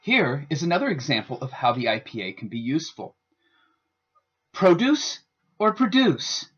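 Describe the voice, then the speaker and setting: Husky man narrating a pronunciation lesson. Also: mid-range voice, sing-song, quick pace, fairly bright tone. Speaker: student presenter. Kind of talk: scripted instructional narration. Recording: dull lo-fi voice-over.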